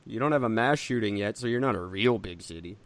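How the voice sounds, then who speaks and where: A man's voice: on the low side, fast. A man co-hosting a podcast in casual chat, making sarcastic, dry joking asides. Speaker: podcast co-host.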